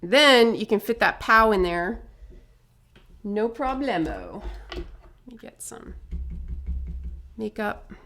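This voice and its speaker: A woman demonstrates face painting in a relaxed, chatty tutorial. She sounds upbeat and amused with herself, tossing in asides and quick checks with the viewer. Her voice sits at an ordinary middle pitch. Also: faint music behind. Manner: chatty, upbeat, self-amused, many asides and tag questions.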